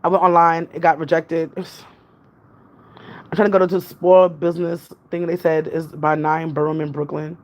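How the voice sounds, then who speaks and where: A woman's voice: deep voice, little pitch movement, normal speed, a little mellow, muffled recording. A young woman with a New York accent, chatting casually and rambling on a livestream, laughing often. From Jamaican family. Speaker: vlogger.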